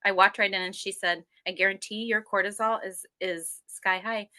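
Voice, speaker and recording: A woman's voice: mid-range voice, moderate pace. A woman in her forties telling her health story in a casual interview, rambling and acting out what others said to her. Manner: rambling, animated, acts out quoted people.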